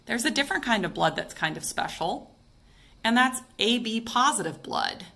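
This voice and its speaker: Bright-voiced woman explaining science. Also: a little high, animated, normal speed, gravelly. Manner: chatty, conversational explaining with rhetorical questions. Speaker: science teacher. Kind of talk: casual explainer lesson.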